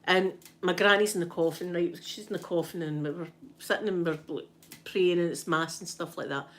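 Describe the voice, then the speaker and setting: Her voice sits on the low side and moves briskly. A Scottish woman streaming ASMR, she animatedly recounts a story to her live chat, mimicking what people said and throwing in plenty of "right?"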